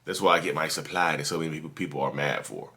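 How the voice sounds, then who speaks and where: A man with a very low, deep voice talks straight to his audience in an easy, preachy way. He circles back over the same points and keeps calling his listeners "y'all", like a host giving tough-love advice from his office. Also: steady tone, fast talker, bright, forceful tone. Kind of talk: casual direct-to-camera advice talk.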